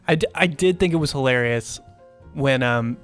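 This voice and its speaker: A man's voice: mid-range voice, unhurried, fairly bright tone, faint music behind. A man co-hosting a podcast, chatting casually about a movie, laughing often and rambling through fillers. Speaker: podcast co-host. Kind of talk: casual movie review chat.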